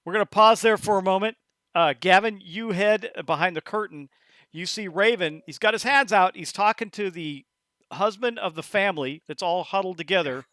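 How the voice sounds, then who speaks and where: A man narrating as game master of a tabletop horror game, talking in halting bursts with many restarts. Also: sits high, sharp tone, dry recording.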